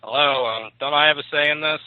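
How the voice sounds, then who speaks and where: A man's voice: fairly high pitch, brisk, no room sound, pitched above the performer's own voice, natural voice. A man doing a defiant young son on a thin phone line. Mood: sullen. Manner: defiant, contemptuous. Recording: tinny dry phone line.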